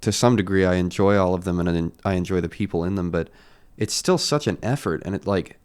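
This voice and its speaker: A young man with a lowish voice chatting casually on a podcast. He speaks thoughtfully and slips in dry, wry one-liners. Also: fast talker, a little mellow, clear, resonant tone. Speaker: podcast co-host. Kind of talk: casual chat.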